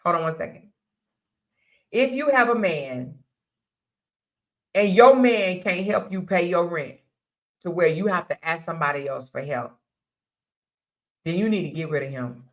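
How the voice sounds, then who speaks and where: A woman's voice: on the low side, lively intonation, a little slow, long pauses. An older woman hosting a casual live-stream talk in a Southern manner, blunt and preachy, laughing often as she speaks her mind. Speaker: live show host.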